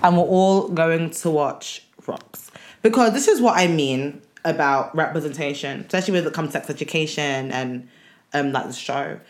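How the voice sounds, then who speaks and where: A young woman with a fairly low voice chats on a podcast, animated and slangy, breaking into laughter often. She talks in a relaxed, casual way with a friend. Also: normal speed. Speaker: podcast co-host. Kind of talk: casual chat.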